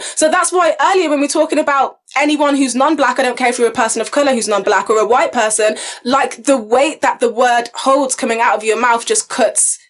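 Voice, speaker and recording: High-voiced young woman telling lively stories. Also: a little fast, few pauses. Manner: lively storytelling. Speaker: co-host. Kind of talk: casual panel debate.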